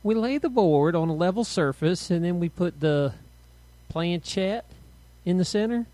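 A man's voice: high-pitched, expressive, unhurried, mellow, dry recording. A man voicing Rita, a sarcastic, bossy teenage twin girl who teases her sister and mocks a spooky tone, in a dry, close audiobook recording. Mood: explaining. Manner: snarky and teasing, mock-spooky when asking the spirit.

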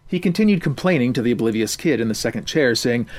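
A man's voice: mid-range voice, expressive, quick pace, few pauses, darkish tone. Man reading a story aloud. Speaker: narrator. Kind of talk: storybook narration.

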